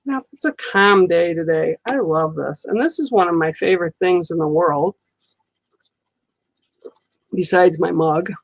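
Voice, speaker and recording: A woman giving a live card reading to viewers, speaking in a slow, soothing and reassuring way, often checking in with "okay?". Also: lowish voice, no echo, poor audio. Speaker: psychic card reader on a livestream. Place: studio.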